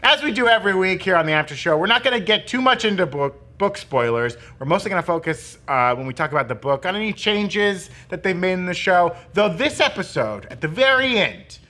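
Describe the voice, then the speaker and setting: A man's voice: sits high, sing-song, fairly quick, hardly any pauses, bright, forceful tone. A man hosting a casual TV review show, joking and laughing often as he leads the talk. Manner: jokey, laughs often, does voices. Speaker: show host. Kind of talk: casual pop-culture review chat.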